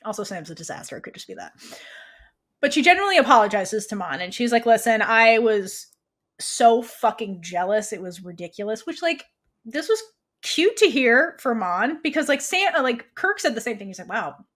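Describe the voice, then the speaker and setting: A woman's voice: fairly high pitch, big pitch swings, fairly quick, a bit bright. A woman co-hosting a podcast, chatting casually as she recaps a series scene by scene and acts out the characters' lines, laughing often. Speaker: podcast co-host.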